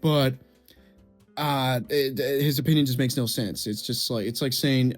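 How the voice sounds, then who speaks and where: A man's voice: medium pitch, moderate pace, faint music behind. A young man giving heated film commentary, swearing and repeating himself as he rants. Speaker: video essay creator.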